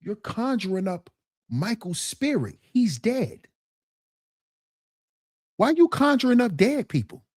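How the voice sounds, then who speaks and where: A woman hosting a livestream, ranting in a repetitive, mocking and animated way. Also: on the high side, measured pace, long pauses, no room sound, clean studio sound. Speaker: livestream host. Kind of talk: casual ranting commentary.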